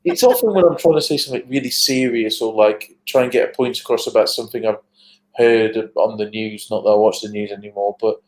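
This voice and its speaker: A man's voice: fairly low pitch, a little fast, a little mellow, rough recording. A man from England chatting easily as a guest on a livestream, joking about himself. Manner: easygoing, self-deprecating. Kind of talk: casual chat.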